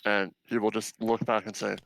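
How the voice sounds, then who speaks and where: A man's voice: on the low side, level tone, moderate pace, gravelly, a bit bright, low-quality recording. A man playing a tabletop game who talks in a hesitant, laid-back way. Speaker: player. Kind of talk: casual play at a tabletop game.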